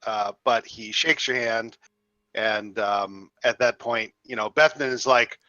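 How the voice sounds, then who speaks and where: A man narrating a tabletop game as game master, halting and restarting often. The recording sounds slightly dull and dry. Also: medium pitch, pushed and bright, dry recording. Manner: halting, many fillers and restarts.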